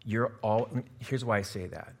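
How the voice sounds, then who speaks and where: A male pastor, likely middle-aged, giving a sermon, swinging from quiet, confiding asides to loud, emphatic passages, and laughing at himself now and then. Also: lowish voice, fairly even intonation, normal speed, husky. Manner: self-deprecating, laughs at himself.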